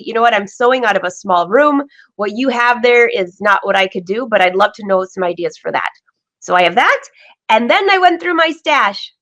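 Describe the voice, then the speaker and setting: Chatty excitable woman hosting a live vlog. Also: fairly high pitch. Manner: chatty and excitable, laughs often. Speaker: vlog host. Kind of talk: live-streamed casual chat. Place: home sewing studio.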